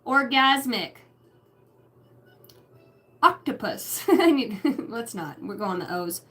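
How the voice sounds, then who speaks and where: A woman's voice: medium pitch, very animated, unhurried, darkish tone, soft background music. A woman giving a channeled tarot reading, rambling through names and numbers and swearing casually. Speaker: psychic reader.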